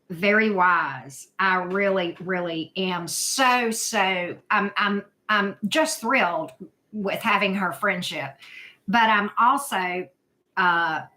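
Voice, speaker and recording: A woman's voice: medium pitch, pushed and bright. A woman hosting a casual live chat, greeting viewers by name, repeating herself with many fillers. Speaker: livestream host, tarot reader.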